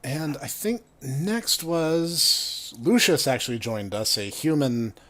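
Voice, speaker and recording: A man casually recounting tabletop game stories to a co-host, animated and laughing along the way. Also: fairly high pitch, takes it slowly. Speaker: podcast co-host, former tabletop player. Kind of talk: casual storytelling chat.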